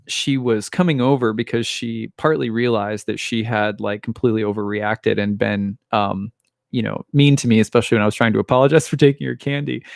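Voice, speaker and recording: This astrologer in his thirties has a mid-range, slightly mellow voice, captured cleanly in a studio with no echo. His talk is a thoughtful, reflective personal monologue, full of restarts and small laughs.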